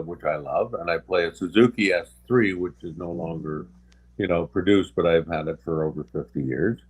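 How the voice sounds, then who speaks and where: An older man with a fairly low voice, a guest sharing anecdotes in a relaxed, unscripted way. He pauses, backtracks and restarts often, and his stories can turn emotional. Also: slightly rough. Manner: halting, with many pauses and restarts; gets emotional while recovering. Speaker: special guest. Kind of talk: casual anecdotal storytelling.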